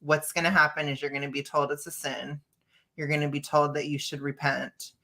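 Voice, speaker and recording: Woman, stream host, low voice, bright forceful tone, blunt opinionated chat, video call. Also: flat delivery, a little fast. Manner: blunt, opinionated, laughs often. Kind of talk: casual reaction commentary.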